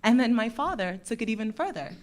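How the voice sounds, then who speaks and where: A young woman from Dominica giving a lively, playful speech to schoolchildren at a closing ceremony. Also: on the high side, fairly quick. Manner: lively, playful with the children, warm encouraging. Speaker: guest speaker from a bank.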